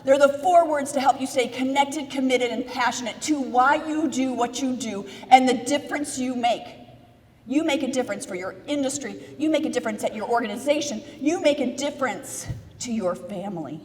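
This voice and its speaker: An American woman giving a lively live keynote speech, telling a story and questioning and directing her audience. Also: high-pitched, normal speed. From United States. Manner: energetic storyteller, asks audience questions, gives instructions. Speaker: motivational keynote speaker. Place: large event hall with audience. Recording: reverberant hall sound.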